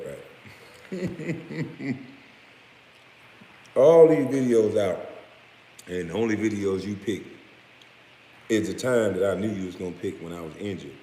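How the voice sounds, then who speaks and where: A man's voice: low voice, moderate pace, long pauses, darkish tone. A man in his late thirties, a former pro basketball player, ranting in a heated, profane, mocking way. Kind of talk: profane rant. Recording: echoey room with long reverb, faint noise.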